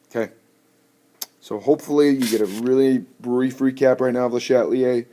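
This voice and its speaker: A man teaching a chemistry lesson in a playful, jokey way with animated asides. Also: mid-range voice, fairly quick. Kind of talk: recorded lecture. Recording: noisy recording with clicks.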